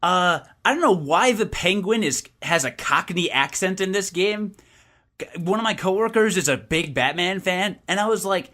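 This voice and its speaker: Animated, opinionated young man chatting. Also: high voice, moderate pace. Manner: opinionated, animated, with frequent restarts. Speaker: podcast co-host and game reviewer. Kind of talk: casual chat.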